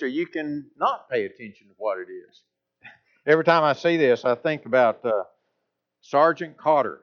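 A high-pitched man delivers a sermon, pressing his points home with rising emphasis. The recording sounds dull and lo-fi. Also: fairly bright tone. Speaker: preacher.

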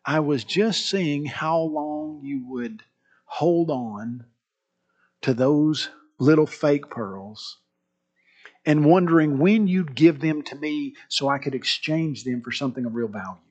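Brief: gentle dad figure, put on by a preacher, soft and loving, light in pitch. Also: male voice, big pitch swings, moderate pace, muffled recording. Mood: tender. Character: gentle loving father testing his young daughter.

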